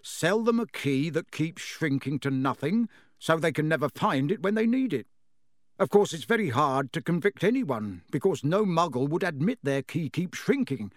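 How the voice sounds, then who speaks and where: A man's voice: on the high side, big pitch swings, moderate pace, no echo, clean studio sound. A man voicing a tired, mild middle-aged wizard father who mumbles wearily and stammers when caught out. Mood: weary. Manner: weary, mumbling, then flustered and stammering.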